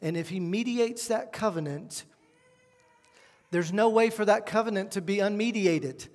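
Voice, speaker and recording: A high-voiced man preaches a sermon, earnest and emphatic, pushing his key points loud before dropping to quiet asides. His voice rings with the long reverb of a church hall. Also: normal speed. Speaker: pastor.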